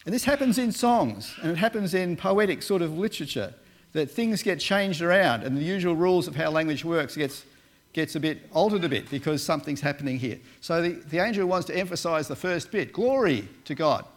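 A man's voice: fairly high pitch, lively intonation, brisk. A man who once worked as a Bible translator, giving a casual sermon and talking through slides with many fillers and restarts. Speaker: preacher, former Bible translator.

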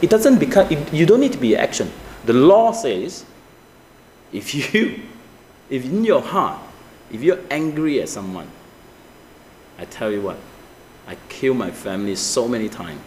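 A male pastor, preaching with animated swings from high emphatic peaks to low asides, asking the congregation rhetorical questions. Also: unhurried, long pauses, slight background noise. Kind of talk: sermon. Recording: echoey church room with faint ambience.

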